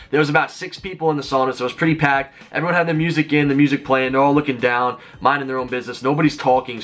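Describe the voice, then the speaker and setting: A man's voice: medium pitch, fairly bright tone. A man in his twenties telling a story to his viewers in a chatty vlog style, filling his talk with "like". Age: 20s. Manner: rapid chatty delivery full of "like". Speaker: YouTuber.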